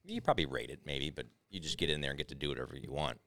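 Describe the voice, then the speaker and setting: A man's voice: a bass voice, lively intonation, very fast, vocal fry, sharp tone, dry recording. A young man on a podcast rambling through casual anecdotes, acting out what everyone said. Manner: rambling anecdotes with acted-out quotes. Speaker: podcast co-host. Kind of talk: casual storytelling.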